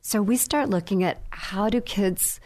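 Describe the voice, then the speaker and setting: Animated woman sharing faith teaching. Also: mid-range voice, measured pace, no room sound. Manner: animated storyteller, acts out childlike voices. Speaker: guest speaker. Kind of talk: faith talk show conversation.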